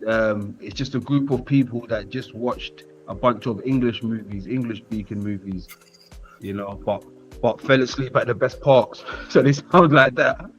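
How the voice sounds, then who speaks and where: A man chiming in to a casual panel chat with quick quips and laughing asides. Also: mid-range voice, lo-fi sound, soft background music. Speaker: panel guest.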